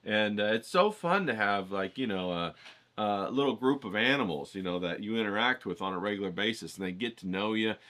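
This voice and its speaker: Brief: casual male vlog host, bright and forward tone, profane, chatty teaching style. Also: fairly low pitch, lively intonation, a little fast. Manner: rambling, profane, keeps checking in with "okay?". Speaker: writing challenge host. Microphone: filtered through a voice isolator.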